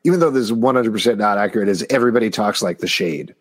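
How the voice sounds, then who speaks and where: A man hosting a livestream chat show, enthusiastic and quick to laugh. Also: lowish voice. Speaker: host.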